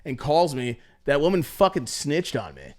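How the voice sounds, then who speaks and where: A man's voice: a little high, huge pitch swings, normal speed. A young man hosting a podcast, telling stories in a rambling, profane way, with many restarts and acted-out quotes. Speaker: podcast host. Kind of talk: casual storytelling chat.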